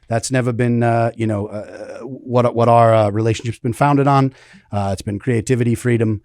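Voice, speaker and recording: A male podcast host chatting casually. He rambles freely, with frequent laughs, in a mid-pitched voice. The sound is close and dry. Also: steady tone, normal speed, darkish tone, no echo. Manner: rambling, loose, laughing often. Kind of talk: casual chat.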